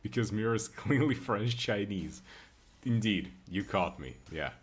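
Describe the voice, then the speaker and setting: A man's voice: lowish voice, animated, measured pace, husky. A young man joking crudely and rambling while he plays a game and answers chat. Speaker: streamer. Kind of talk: casual gameplay commentary with chat.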